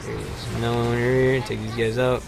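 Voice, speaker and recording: A man hosting a livestream, chatting casually over gameplay with lots of fillers and sudden excited shouts. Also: medium pitch, fast talker, gravelly, over music. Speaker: livestream host.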